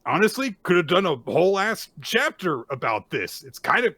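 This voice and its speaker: A man's voice: high voice, big pitch swings, normal speed, pushed and bright, no room sound. A man co-hosting a manga recap podcast, recounting the chapter casually, swearing freely and acting out the characters. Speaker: podcast co-host.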